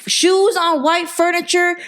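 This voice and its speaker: A woman's voice: very high voice, flat delivery, measured pace, a bit bright. A young woman co-hosting a podcast, chatting casually and bluntly, swearing freely. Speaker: podcast host. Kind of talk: casual chat.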